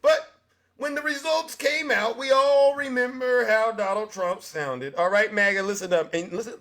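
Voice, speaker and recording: A man's voice: very high-pitched, normal speed, a bit bright. A man hosting a comedy radio show, teasing and laughing as he reacts to clips and talks to the audience. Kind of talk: comedic talk radio commentary.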